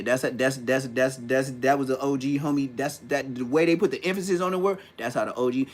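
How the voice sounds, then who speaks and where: A man's voice: medium pitch, a little fast, hardly any pauses. A middle-aged man from California telling street stories in a casual vlog, talking in slang and mimicking other men's voices. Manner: animated slangy storytelling, mimics old homies' voices. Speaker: vlogger. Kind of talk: casual storytelling rant.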